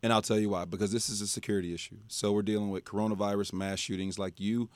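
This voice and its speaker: A man co-hosting a sports talk show, hoarse and emphatic in giving his opinion. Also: lowish voice, level tone, fast, dry recording. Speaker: co-host. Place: studio.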